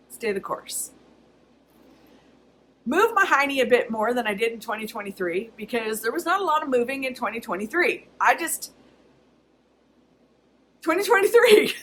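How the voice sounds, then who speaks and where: A woman's voice: sits high, bright, forceful tone, a little hiss or hum, poor audio. A woman talking casually to her camera in a personal vlog, chatty and candid, often laughing. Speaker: vlogger.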